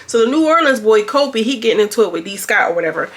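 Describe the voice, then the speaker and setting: A woman's voice: fairly high pitch, expressive, fast. A woman giving casual, slangy commentary on a reality show and talking straight to her viewers. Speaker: reality TV reviewer.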